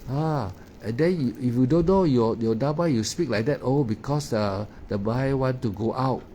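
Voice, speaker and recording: A man's voice: medium pitch, normal speed, warm tone, a little hiss or hum. A man teaching meditation in a Dharma talk, in broken English with many "ah" fillers and repeated words. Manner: non-native English grammar.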